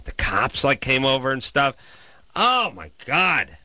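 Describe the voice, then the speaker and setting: A man's voice: medium pitch, sing-song, takes it slowly, sharp tone, no room sound. A man hosting a podcast, telling a profane, exasperated comic rant about his neighbors. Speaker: podcast host. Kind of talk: comedic ranting storytelling.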